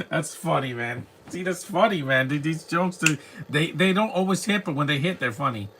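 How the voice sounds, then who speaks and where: A man's voice: on the high side, animated, moderate pace, noisy background. A man watching fan films on a live stream, talking back to the screen with sarcastic, joking commentary and grumbling rants. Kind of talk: casual reaction commentary.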